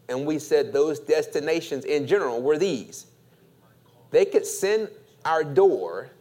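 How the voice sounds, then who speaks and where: Pastor type, male, preaches slowly with a lively, rising and falling delivery. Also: a little high. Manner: slow, deliberate preaching with call-and-response. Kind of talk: sermon.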